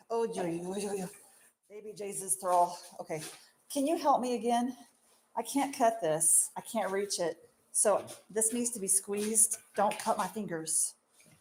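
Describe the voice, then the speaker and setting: Excitable, self-mocking young woman shop host. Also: on the low side, a little hiss or hum. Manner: excitable and self-mocking, with frequent laughs and exclamations. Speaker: marshmallow shop owner hosting a live stream. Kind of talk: casual live-stream chat while working.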